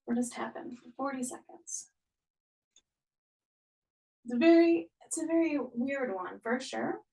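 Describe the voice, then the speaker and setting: A woman's voice: high voice, expressive, a little slow, vocal fry, darkish tone, distant mic, poor audio. A young woman leading a live online workout class, cheering people on and counting down each interval. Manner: upbeat, encouraging, counts down intervals. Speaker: fitness instructor.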